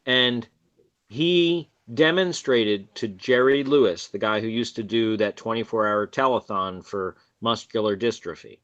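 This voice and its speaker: A man's voice: fairly low pitch, measured pace, fairly bright tone, lo-fi sound. A man talking earnestly on a panel, explaining at length with restarts. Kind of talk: casual group discussion.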